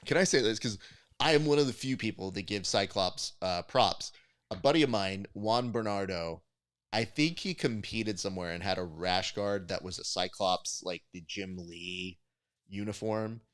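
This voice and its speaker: A man hosting a casual podcast chat, animated and jokey, often slipping into mock voices for his stories. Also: lowish voice, moderate pace, clear, resonant tone, no echo, clean studio sound. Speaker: podcast host.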